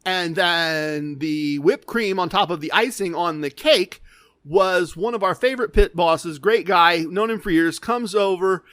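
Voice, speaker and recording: A man hosting a podcast, telling a story in a casual, animated way, often stammering and acting out what others said. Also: sits high, measured pace, no room sound, studio quality. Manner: animated, quotes others in voices, stammers when excited. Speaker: podcast host.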